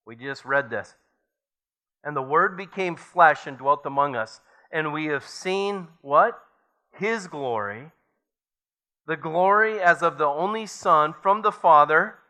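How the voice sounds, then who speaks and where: Slow, bright-voiced male preacher. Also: a little high, lively intonation. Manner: preaching with rising emphasis, reading scripture aloud. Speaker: pastor. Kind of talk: sermon.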